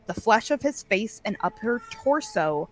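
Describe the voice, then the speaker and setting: A woman's voice: medium pitch, big pitch swings, unhurried, a bit bright, faint music behind. A woman narrating as game master of a tabletop game, loose and hesitant with many fillers.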